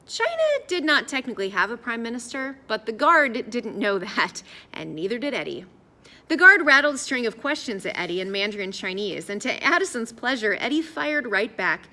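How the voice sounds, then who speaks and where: Lively woman reading an audiobook. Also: mid-range voice. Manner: lively, expressive storytelling. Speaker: audiobook narrator. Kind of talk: scripted narration.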